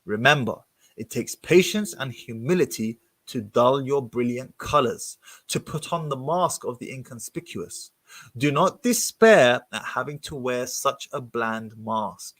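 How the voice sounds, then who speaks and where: A man reading passages from a book aloud and breaking off to comment on them in an expressive, animated way. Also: medium pitch, measured pace, no room sound.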